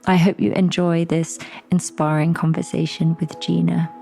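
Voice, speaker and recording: A woman hosting a podcast who talks casually and with enthusiasm, laughing easily and jumping up in pitch when excited. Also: moderate pace, creaky, over music. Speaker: podcast host. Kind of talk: casual interview chat.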